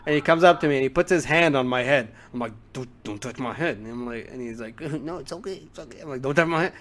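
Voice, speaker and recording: A man's voice: medium pitch, quick pace, a bit bright. A young man telling school stories on a casual podcast, rambling with many fillers and acting out quotes. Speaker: podcast co-host. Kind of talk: casual storytelling.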